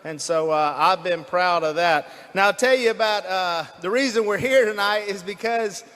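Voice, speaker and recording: A man's voice: high-pitched, moderate pace, fairly bright tone, big-room sound. A man from North Louisiana with a Southern accent, giving a folksy, rambling speech to a rally crowd. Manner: folksy and rambling, with fillers and restarts. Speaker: rally speaker. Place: large indoor rally venue.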